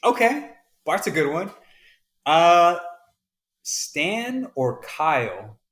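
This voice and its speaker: A man's voice: on the high side, very animated, drawn-out words, a bit bright. A man from the American South co-hosting a podcast in casual chat, laid-back and rambling, calling his friend "man". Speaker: podcast co-host.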